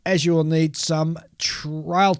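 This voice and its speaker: A man's voice: a little high, flat delivery, slow, smooth, no room sound. A man co-hosting a casual hobby podcast, reading a list of new model kits and tripping over foreign names with a laugh.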